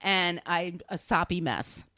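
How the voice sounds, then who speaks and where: A woman's voice: fairly low pitch, slow, pushed and bright, dry recording. A woman podcast host recapping a film in a chatty, rambling way, laughing at herself. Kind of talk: casual movie recap.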